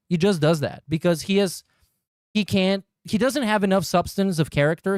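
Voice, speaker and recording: A man's voice: high-pitched, a little mellow, no echo. A man giving sarcastic, mocking commentary while reacting to a clip. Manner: sarcastic, mocking, laughs often. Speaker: reaction streamer.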